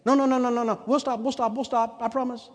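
A man's voice: extremely high pitch, level tone, quick pace, voice pushed up. A man voicing a young girl frantically begging not to be punished. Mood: pleading. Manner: pleading, repetitive. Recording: long hall reverb.

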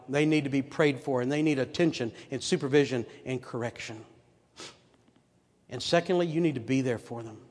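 A man's voice: a little high, a little mellow. An older man preaching a sermon, earnest and full of rhetorical questions to his listeners. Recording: long hall reverb.

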